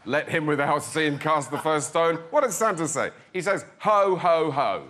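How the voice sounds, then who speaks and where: A man's voice: fairly high pitch, animated, normal speed. A man making a dry, wry comic argument on a panel show, building lists to punchlines. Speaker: comedian arguing a side. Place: studio with live audience. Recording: loud laughing crowd, noisy.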